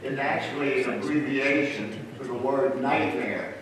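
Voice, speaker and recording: A man, a church elder, preaching a sermon in a folksy, gently humorous way, sharing stories. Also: medium pitch, unhurried, very noisy. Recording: roomy church hall, distant mic.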